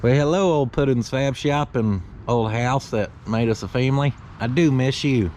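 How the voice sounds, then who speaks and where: In a car restoration vlog, a man works on an old car at a shop, joking around in a folksy way and even talking to the vehicle. His mid-range voice is a bit mellow and moves at a moderate pace, with slight noise in the background.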